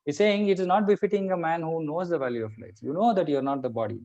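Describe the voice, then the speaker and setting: A man's voice: on the high side, fast talker, darkish tone. A man teaching a conversational scripture class. He explains patiently and keeps checking in with his listeners. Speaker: Bhagavad Gita teacher. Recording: muffled lo-fi recording.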